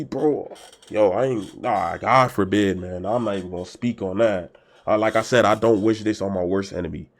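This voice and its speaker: Young man, reaction host, lively swooping pitch, emphatic slang, loud outbursts. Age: young adult. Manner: loud, emphatic, slangy, swings from shouts to mutters. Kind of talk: casual reaction commentary.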